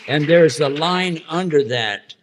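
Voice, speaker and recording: A man's voice: a little high, takes it slowly, background noise. A man giving an Islamic lecture to an audience, talking conversationally, asking listeners questions and acting out little scenes in funny voices.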